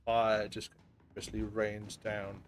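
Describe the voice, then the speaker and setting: A man's voice: lowish voice, completely flat delivery, a little slow. A man narrating as dungeon master in a casual, laughing way that drops in swear words. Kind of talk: narrating a tabletop game. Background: faint ambient game music.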